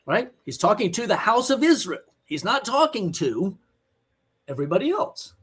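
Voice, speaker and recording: A man's voice: high voice, big pitch swings, normal speed, fairly bright tone, slightly rough. A man giving an online teaching sermon, emphatic, blunt and scolding as he presses his point. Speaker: Bible teacher.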